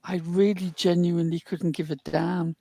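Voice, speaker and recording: A Northern English woman with a lowish voice chats wryly and articulately on a livestream. The sound is close and dry with no room around it, and she often laughs at herself. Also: level tone, normal speed, vocal fry, dark tone, no room sound. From north of England. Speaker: show regular. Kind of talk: casual livestream chat.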